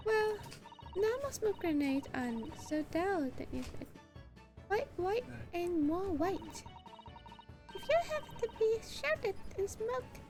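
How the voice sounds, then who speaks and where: An excitable, eccentric young inventor, as a woman puts her on in a high, bright, pitched-up voice. She chatters in a bubbly, bossy rush, with faint game music behind. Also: exaggerated voice. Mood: excited. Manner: bubbly, bossy and fast-talking.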